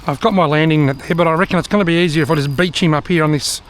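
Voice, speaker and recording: A middle-aged Australian man talks casually to his camera as he fishes, chatting with himself and cracking dry jokes. His voice sits fairly high for a man. He is recorded outdoors by a river, with faint noise in the background. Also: very fast. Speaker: fishing vlogger. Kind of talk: casual vlog commentary.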